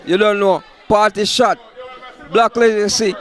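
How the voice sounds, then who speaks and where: Jamaican man, excited interviewer, high voice, party shout-outs, faint crowd. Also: a little slow. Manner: excited, hyping. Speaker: event interviewer. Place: outdoors at a party.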